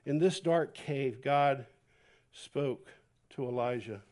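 A man preaching a sermon, dropping to a hush and then rising to near-shouts as he acts out a scripture story. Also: mid-range voice, slow. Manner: animated, swings from hushed to loud. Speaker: pastor. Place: church.

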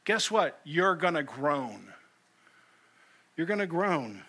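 Man, pastor, sermon, bright tone, fairly high voice, emphatic, repeats phrases. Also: very animated, slow. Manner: emphatic, repeats key phrases, drops to a hush for weight. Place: church sanctuary.

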